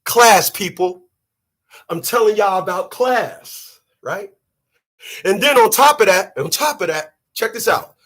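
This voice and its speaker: A man hosting his own channel, ranting and telling a story in a loud, emphatic, profane monologue. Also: sits high, expressive, measured pace. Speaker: channel host.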